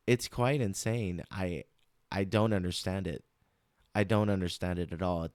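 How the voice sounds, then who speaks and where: A man hosting a political commentary show talks slowly in a smooth, clear, fairly low voice. He rambles, restarts his phrases and repeats words for emphasis. The sound is dry and close. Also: fairly even intonation, a little mellow, no echo.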